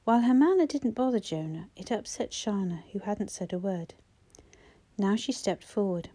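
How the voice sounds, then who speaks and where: A woman reading a novel aloud as audiobook narrator, steady and expressive. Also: medium pitch, moderate pace, breathy edge. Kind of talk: scripted narration.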